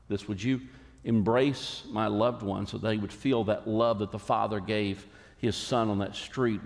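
A man preaching a sermon as a pastor, earnest and emphatic, with dramatic pauses. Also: fairly low pitch, gravelly, big-room sound.

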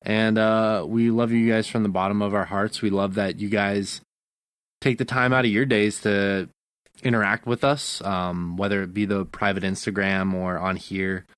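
A man's voice: on the low side, flat delivery, normal speed, fairly bright tone, clean tone, no room sound. A man co-hosting a podcast in casual chat, rambling with many fillers and self-corrections. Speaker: podcast co-host.

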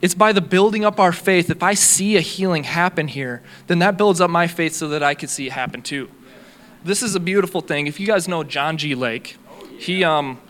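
A young man preaches an earnest sermon on faith and healing, reading a long testimony aloud. His voice is a little high and a bit bright.

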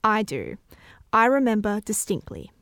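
A woman narrating a childhood memory with vivid, animated storytelling. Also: medium pitch, measured pace, no room sound, clean studio sound. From Australia.

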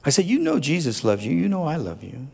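A man's voice: on the high side, huge pitch swings, a little fast, vocal fry, a little mellow, breathy edge. A man preaching a sermon as a pastor, speaking earnestly and tenderly, building at times to fervent emphasis. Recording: long hall reverb.

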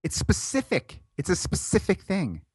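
A man's voice: high voice, wildly swooping pitch, normal speed, breathy edge, no room sound, studio quality. Teasing, stubborn podcast man. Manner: stubborn, teasing, laughs often. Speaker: podcast co-host. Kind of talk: casual banter.

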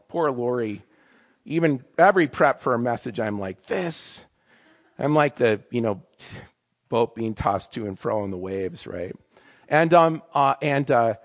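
A man's voice: mid-range voice, muffled recording. Emotional man giving a casual sermon. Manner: emotional, conversational, frequent "right?" tags. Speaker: campus ministry staff speaker.

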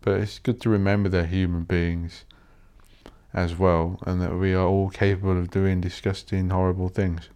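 A man's voice: deep voice, little pitch movement, moderate pace, darkish tone, clean tone. A man hosting a solo podcast, rambling and ranting with plenty of swearing. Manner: swears a lot, rants and mocks posh voices. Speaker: podcast host.

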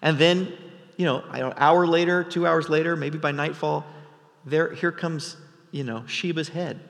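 A male pastor preaches an expository sermon, telling the story vividly and conversationally with frequent restarts. His voice sits somewhat high, and the long reverb of a large sanctuary trails behind him. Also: fairly even intonation, normal speed, gravelly.

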